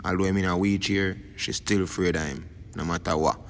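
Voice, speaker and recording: In a low, fairly even voice and at a slightly fast clip, this Jamaican-accented YouTube host rambles through casual commentary, often ending lines with "you see me." Long reverb and faint background noise color the recording.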